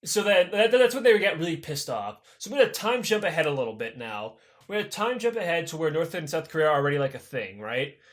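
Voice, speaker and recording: Brief: male co-host, high lively voice, profane, rambling comic history retelling. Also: fast talker, few pauses. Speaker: podcast co-host. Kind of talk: casual comedic history retelling.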